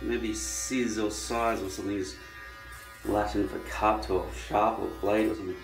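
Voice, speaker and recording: A lowish, creaky male voice with a steady tone and normal speed belongs to an Australian vlogger wryly rambling to camera while trimming his hair. The casual monologue is recorded in an echoey room with faint music and an electric trimmer buzzing.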